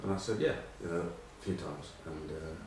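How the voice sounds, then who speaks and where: A man's voice: very deep voice, brisk, a little mellow, very echoey, distant mic, slight background noise, rough recording. A middle-aged English man telling rambling, self-mocking rugby stories in casual chat. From England. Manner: rambling, self-mocking anecdotes with many ums. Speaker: rugby pundit.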